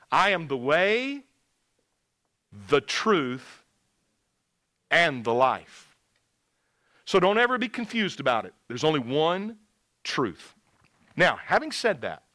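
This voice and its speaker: A man's voice: on the high side, pushed and bright, no echo. A man preaching a sermon to a congregation, speaking emphatically, drawing out key words and talking straight to his listeners.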